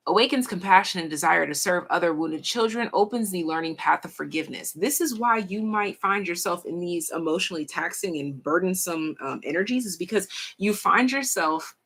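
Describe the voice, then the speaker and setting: A young woman with a husky, slightly low voice runs a casual pick-a-card tarot reading. She talks frankly in slang, swears freely and drags out her pauses as she works through each card. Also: lively intonation, a bit bright. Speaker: tarot reader.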